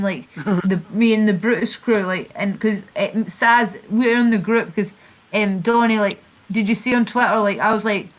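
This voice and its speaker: A Scottish woman hosting a casual chat stream, rambling and swearing as she retells online feuds. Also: a little high. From Scotland. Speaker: channel host.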